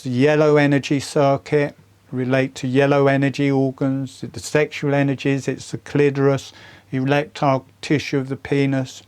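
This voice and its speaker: An older man teaching a breathwork practice in a calm, deliberate, earnest way. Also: medium pitch, clean tone. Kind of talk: slow guided instruction.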